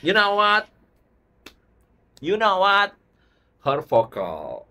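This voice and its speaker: An excitable YouTube host reacting to a music video with breathless enthusiasm. The speech is loose, non-native English, packed with "like" fillers and repeated "oh my God". The pitch sits at a middle height. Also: drawn-out words, pauses often.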